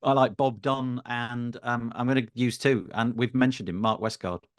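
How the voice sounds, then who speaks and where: A man's voice: mid-range voice, fairly even intonation, moderate pace, dry recording. A middle-aged man chatting as a podcast guest, self-deprecating and hesitant, with many fillers. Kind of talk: casual interview chat.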